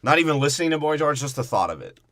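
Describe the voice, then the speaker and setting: A man's voice: a little high, big pitch swings, rapid-fire, fairly bright tone, no echo, clean studio sound. A man co-hosting a podcast, breaking down a movie in a crude, profane and mocking way. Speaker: podcast co-host.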